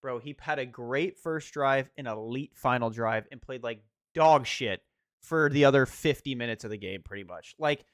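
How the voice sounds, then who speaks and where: A young man co-hosting a casual sports podcast, animated and swearing, sometimes rising to near shouts when worked up. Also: medium pitch, moderate pace, smooth, dry recording, studio quality. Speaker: podcast co-host.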